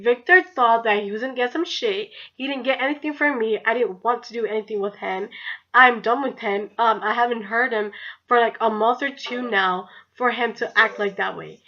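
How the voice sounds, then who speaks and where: A woman's voice: fairly high pitch, sharp tone. A young woman telling a story on her vlog, chatty and blunt and swearing freely. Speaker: vlogger. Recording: dull lo-fi recording.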